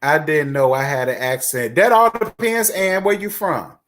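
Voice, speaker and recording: This live chat stream host, a Virginia man, speaks at normal speed in a raised pitch. Animated and chatty, he reads viewer comments casually and repeats himself for emphasis.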